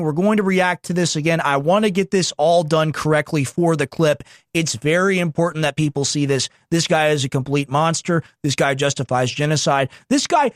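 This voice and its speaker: A man's voice: sits high, no room sound, studio quality. A man hosting a commentary show who reacts to video clips and reads quotes aloud. He sounds sarcastic and indignant and often talks over the clips.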